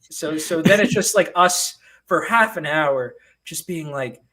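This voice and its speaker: Man, comic writer, interview guest, higher voice, animated, self-mocking storyteller. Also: a little slow. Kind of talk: casual interview chat.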